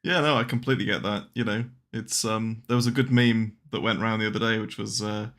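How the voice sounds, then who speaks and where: A man's voice: lowish voice, fairly even intonation, a little fast, fairly bright tone. A man hosting a casual chat, joking and laughing between his remarks. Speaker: host.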